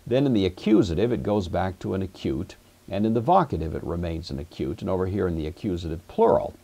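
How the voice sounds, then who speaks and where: A man's voice: deep voice, darkish tone, husky. A man teaching a Greek grammar lesson, explaining patiently and methodically with occasional fillers. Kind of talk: classroom grammar lecture.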